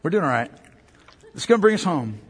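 High-voiced preaching man in a reverberant hall. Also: very animated, brisk, slightly rough. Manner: swings from loud emphatic to quiet and low. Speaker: pastor. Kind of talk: sermon.

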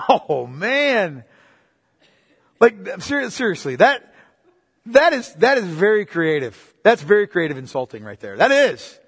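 A man's voice: high-pitched, very animated, a little slow, a bit bright, breathy edge. A man preaching a sermon, emphatic and casual, repeating his phrases, recorded in a church hall. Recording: long reverb of a hall.

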